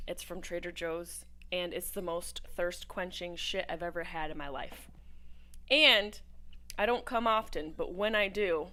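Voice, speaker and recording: A woman hosting a casual livestream watch party, talking in a brash, profane way, jumping from topic to topic with loud bursts of excitement. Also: fairly low pitch, moderate pace. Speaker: host.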